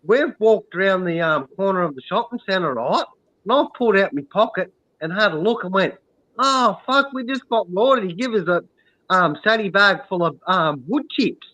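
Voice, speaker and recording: A man's voice: sits high, animated, moderate pace, pushed and bright. An Australian man telling a long casual story, full of "um" and "right?" asides. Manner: rambling, many "um" and "right?". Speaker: stream co-host. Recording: dull lo-fi sound.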